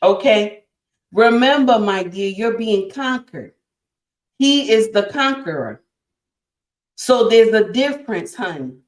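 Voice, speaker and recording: A woman's voice: fairly high pitch, lively intonation, slow, pauses often, reverberant. A woman hosting a casual relationship talk to her live chat, emphatic and repetitive, calling listeners honey and my dear. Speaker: livestream host.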